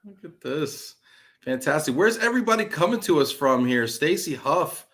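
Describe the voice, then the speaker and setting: A man hosting a live interview webcast, with an energetic, teasing, jokey way of talking. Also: a little high, moderate pace. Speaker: host.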